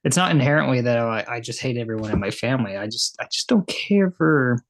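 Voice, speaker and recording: A man's voice: medium pitch, lively intonation, brisk. A man co-hosting a tattooing podcast, talking casually in a laid-back, dry way. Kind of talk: casual chat.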